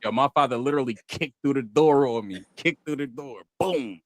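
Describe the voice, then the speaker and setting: A relaxed man chats on a podcast and pauses with "um" as he thinks. His voice is mid-pitched. The sound is dry and close. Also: no room sound. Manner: relaxed, trails off with ums. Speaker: podcast co-host. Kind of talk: casual chat.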